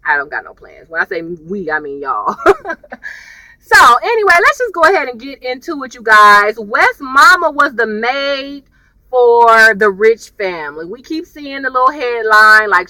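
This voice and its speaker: A woman with a high voice rambling casually through a TV episode review while driving in her car, often saying "y'all". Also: dry recording, low-quality recording. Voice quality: high voice, especially when excited. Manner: chatty and rambling, laughs often, says "y'all".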